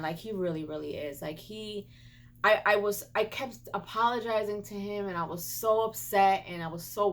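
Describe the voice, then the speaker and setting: Woman vlogger doing a storytime, emotional and kinda frazzled, stumbles a lot, gets indignant and scolding, mid pitch. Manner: emotional, animated retelling with repeated stumbles and restarts. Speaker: beauty and gaming vlogger. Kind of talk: personal storytime vlog.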